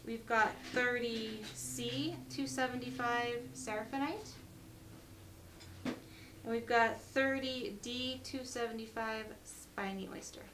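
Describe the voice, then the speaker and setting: A woman's voice: on the high side, steady tone, slow, recorded from a distance, noisy background. A woman hosting a live jewelry sale, chatty and upbeat as she reads out lot numbers and prices, her voice getting worn. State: losing her voice.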